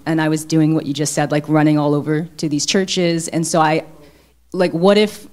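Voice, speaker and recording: A woman with a fairly low voice asks an earnest question at church. She rambles nervously, piling on "like" and "um" as she works through her worry. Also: a little mellow. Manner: rambling, full of "like" and "um", anxious. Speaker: congregant asking a question.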